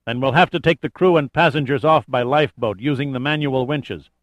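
Man voicing a calm colonel, curt flat orders, dry close sound. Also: mid-range voice, fairly quick, no room sound, natural voice. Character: male special forces colonel, calm and curt.

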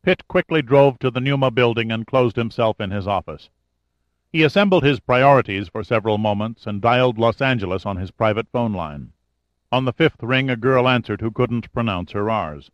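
A man narrating an audiobook chapter in a steady, measured reading style. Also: medium pitch, dry recording, lo-fi sound. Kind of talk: scripted narration.

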